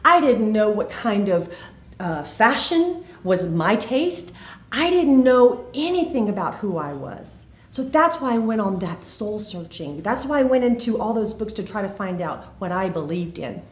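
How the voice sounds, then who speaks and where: A woman's voice: medium pitch, big pitch swings, measured pace. A woman telling a personal faith testimony in an earnest, emphatic way, recorded in an echoey room. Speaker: faith video host.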